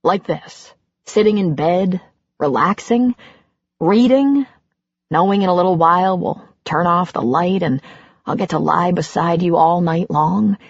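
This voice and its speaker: A woman reading an audiobook and voicing a gentle, self-deprecating older man who speaks softly. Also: fairly low pitch, a little slow, breathy edge, dry recording, muffled recording. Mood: wondering, gentle. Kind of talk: audiobook character voice.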